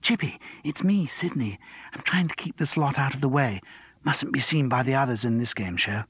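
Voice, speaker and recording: A man's voice: mid-range voice, normal speed, slightly rough, no room sound. A man voicing a flustered young woman who works in television, speaking in urgent, breathless hisses. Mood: hushed. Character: flustered young woman TV researcher herding guests.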